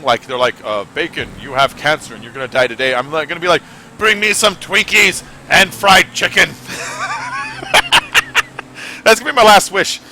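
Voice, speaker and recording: A man's voice: a little high, bright, forceful tone, slight background noise. Rambling, chatty male gamer. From California. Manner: rambling, chatty, swears freely. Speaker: gaming streamer. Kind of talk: casual gameplay commentary.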